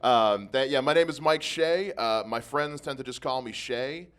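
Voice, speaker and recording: A man with a Dayton accent opening a stand-up set on a club stage, laid-back and self-deprecating with halting delivery. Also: mid-range voice, a bit bright, smooth. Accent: Dayton, Ohio. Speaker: stand-up comedian.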